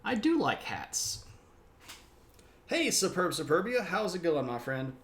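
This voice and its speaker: A man's voice: on the high side, big pitch swings, a little slow, a bit bright. A middle-aged man from South Mississippi, hosting a casual history livestream in a chatty, opinionated, rambling way. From United States (South Mississippi). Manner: chatty, self-described opinionated, rambling asides.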